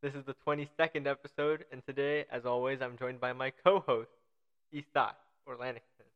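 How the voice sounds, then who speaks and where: A man hosting a casual podcast, laid-back and quick to laugh. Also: mid-range voice, fairly even intonation, clean tone. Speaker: podcast host. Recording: slightly dull lo-fi mic.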